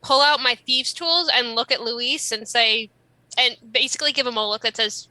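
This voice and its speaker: A woman's voice: fairly high pitch, normal speed, sharp tone, dry recording, rough recording. A woman playing a tabletop role-playing game, chatting casually and describing her character's actions. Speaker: player.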